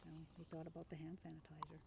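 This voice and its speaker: A woman who is a podcast guest, speaking in a soft, thoughtful way that sometimes trails into a whisper. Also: deep voice, completely flat delivery, racing, creaky. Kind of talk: casual conversation. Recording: noisy recording.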